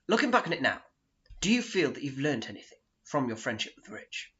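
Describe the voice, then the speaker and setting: Brief: gentle formal therapist, as a man puts him on, bright tone, dull recording. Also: mid-range voice, very animated, a little fast. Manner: gentle, careful, formal questions. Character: earnest male therapist, soft-spoken and polite.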